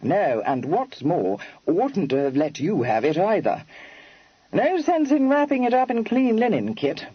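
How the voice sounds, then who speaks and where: A man's voice: high-pitched, very animated, a little slow, slightly rough, no room sound, dull audio, pitched above the performer's own voice, full character voice. A man doing a blunt, gloomy young gent. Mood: grumbling. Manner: clipped, slangy sentences.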